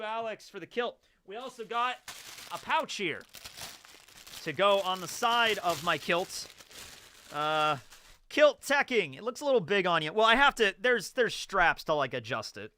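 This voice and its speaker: A young adult man hosting a live stream, chatting casually and excitably with frequent laughter. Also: sits high. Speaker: streamer host.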